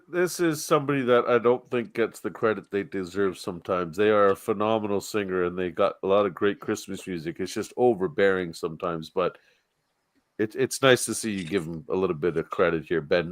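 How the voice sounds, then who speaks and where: A man co-hosting a live podcast stream, relaxed and chuckling along. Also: low voice, fairly quick, no room sound, studio quality. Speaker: podcast co-host. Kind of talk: casual live-stream banter.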